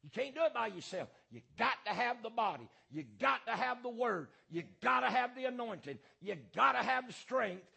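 Fiery raspy preacher man. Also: very high voice, animated, normal speed, hardly any pauses, sharp tone. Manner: fiery preaching with repetition and frequent "uh" and "um". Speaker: pastor. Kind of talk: sermon.

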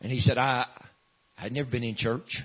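A man preaching a sermon in a folksy drawl, filling pauses with "uh", swinging from loud preaching to hushed storytelling. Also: medium pitch, steady tone, husky. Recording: dull lo-fi sound.

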